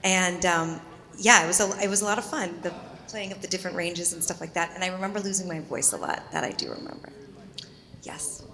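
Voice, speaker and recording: A woman on a convention panel speaking in a thoughtful, halting way with many fillers. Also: fairly low pitch, lively intonation, pushed and bright. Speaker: panel guest. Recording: echoey convention hall.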